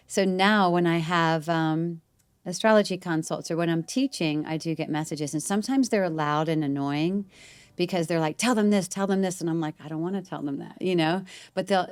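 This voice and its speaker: A middle-aged woman with a lowish voice tells a long personal story in a relaxed interview. She rambles, restarts her sentences and acts out what people said. The sound is close and dry, with no room around it. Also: clear, resonant tone, no room sound. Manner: rambling, animated retelling with restarts and quoted voices. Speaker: guest.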